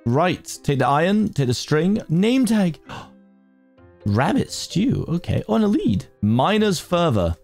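A man giving excitable, chatty commentary while playing a Minecraft modpack, talking to himself and his viewers with sudden jumpy exclamations. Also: sits high, slow, faint music behind. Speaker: gaming YouTuber. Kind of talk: casual Minecraft let's play commentary.

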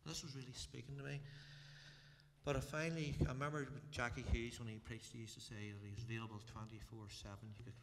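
A middle-aged Northern Irish man with a gravelly, creaky edge tells his own story to a church gathering, plain-spoken and halting at times. His voice carries a long hall reverb with a faint hum of room noise behind it. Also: mid-range voice, little pitch movement, a bit bright. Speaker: church testimony speaker. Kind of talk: personal testimony to a congregation.

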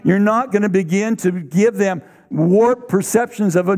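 A man with a high voice preaches a sermon, stacking up emphatic, repeated declarations. His voice rings with a long reverb in a church hall. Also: normal speed, a little mellow. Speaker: pastor. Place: church sanctuary.

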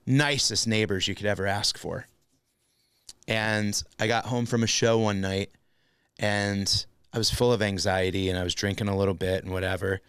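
A man hosting a casual comedy podcast, telling a self-deprecating story with lively energy and acted-out outbursts. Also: on the low side, normal speed, smooth, no room sound, studio quality. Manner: animated, self-deprecating storyteller, acts out his own shouts. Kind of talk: casual chat.

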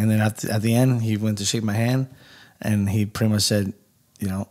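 Animated swearing Californian man telling a story. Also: fairly low pitch, a little fast. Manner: animated, swears a lot, acts out quotes. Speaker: podcast guest, barber. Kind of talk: casual storytelling chat.

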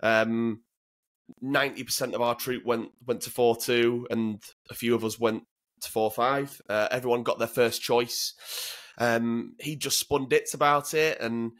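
Man, thirties, frank storyteller, swears a lot, repeats words, medium pitch. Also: steady tone, measured pace, fairly bright tone. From Northern England. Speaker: guest, former commando. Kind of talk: casual interview storytelling.

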